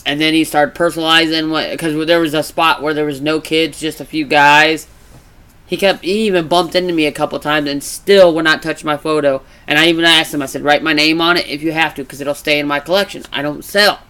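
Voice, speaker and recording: A man casually chatting in a vlog, rambling with restarts and growing animated as he retells stories. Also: fairly high pitch, brisk, smooth. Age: adult. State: congested from allergies. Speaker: vlogger. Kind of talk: casual chat.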